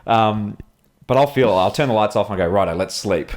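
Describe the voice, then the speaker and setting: This Australian podcast co-host has a lowish voice and talks a little fast. He spins casual stories packed with swearing and frequent laughter.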